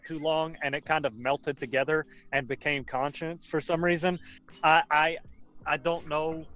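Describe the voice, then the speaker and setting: A man's voice: a little high, a bit bright. Rambling Southern-accented man, lo-fi chat audio. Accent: mild Southern US. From Carolinas, US South. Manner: rambling, exasperated storytelling with frequent laughs. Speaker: podcast guest. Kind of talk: casual chat.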